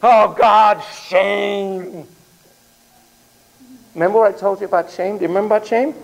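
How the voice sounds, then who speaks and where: Talking very fast in a high-sitting voice, a male lecturer performs theatrically for his class, swinging between hushed asides and loud outbursts. He repeatedly quizzes the students, and the recording quality is low.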